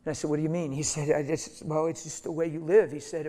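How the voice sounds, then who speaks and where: A middle-aged man preaching through a personal story, animated and emphatic, acting out the voices of the people in it. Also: fairly high pitch, quick pace, hardly any pauses. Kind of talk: storytelling sermon. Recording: long hall reverb.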